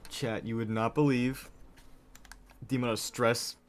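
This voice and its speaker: A man's voice: medium pitch, fairly even intonation, unhurried. A young man live-streaming, chatting casually and rambling in a frazzled way straight to his viewers. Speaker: livestreamer.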